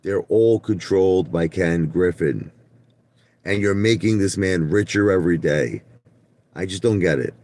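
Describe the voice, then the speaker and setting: Blunt low-voiced man ranting on a livestream. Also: measured pace, a little mellow. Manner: blunt, repetitive, stumbles and restarts; talks straight to chat viewers by name. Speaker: livestream host. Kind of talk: ranting live stream talk.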